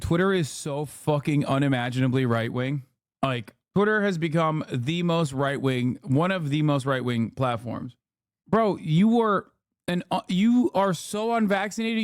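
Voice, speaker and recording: A man's voice: on the high side, lively intonation, measured pace, smooth, dry recording, clean studio sound. A man streaming live, reacting to clips with profane, sarcastic ranting commentary. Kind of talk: casual livestream commentary.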